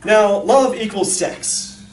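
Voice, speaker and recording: High-voiced man talking in an echoey hall. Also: slow pace. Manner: storytelling, animated, lots of fillers. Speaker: speaker at a parent talk. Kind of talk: casual talk to an audience. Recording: echoey hall from far off, faint noise.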